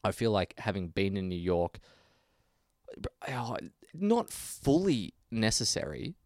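A man's voice: fairly low pitch, very animated, slow pace, darkish tone, no room sound, clean studio sound. A man co-hosting a casual podcast, rambling, joking and swearing loosely. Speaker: podcast co-host.

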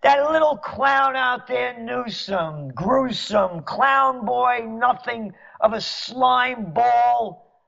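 A man delivering a sarcastic, mocking monologue as a commentator, at times rising to shouts. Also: very high-pitched, extremely slow, gravelly. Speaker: trend forecaster and commentator. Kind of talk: ranting monologue. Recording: dull lo-fi audio.

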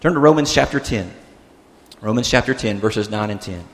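A man preaching a sermon as pastor, animated and expressive, acting out the disciples' words and dropping to a soft tone for emphasis. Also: lowish voice, normal speed. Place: church sanctuary. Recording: long church-hall reverb.

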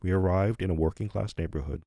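Deep, mellow male podcast host. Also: quick pace, no echo. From United States, New Jersey. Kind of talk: scripted podcast narration.

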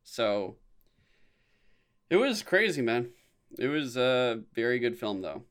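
A young man co-hosting a podcast in casual chat, rambling and swearing, his voice jumping high whenever he acts out a reaction. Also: slow, clean tone. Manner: rambling, animated, swears often, voice jumps high when quoting reactions. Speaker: podcast co-host.

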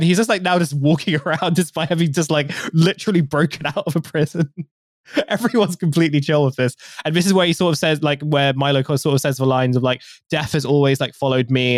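A man's voice: fairly high pitch, dry recording. Guy rambling through a movie recap, lots of likes and ums, dry close mic. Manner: rambling, full of fillers and "like". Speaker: podcast co-host. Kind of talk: casual chat, recapping a film.

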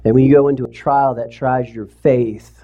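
A man's voice: medium pitch, fairly even intonation, moderate pace, narrow, tinny audio. A man preaching in a church, talking conversationally to the congregation and rising to impassioned pleading. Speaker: pastor. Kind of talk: sermon. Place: church sanctuary, streamed service.

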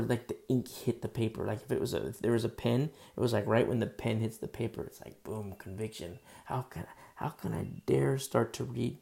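A man's voice: mid-range voice, creaky, a little mellow. A man preaching a conversational sermon in a casual, earnest way, full of fillers. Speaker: pastor.

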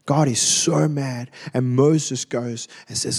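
A man preaching a sermon, reading scripture aloud and retelling it in an expressive, conversational way. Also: medium pitch, slow pace, creaky, husky. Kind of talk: sermon, Bible teaching.

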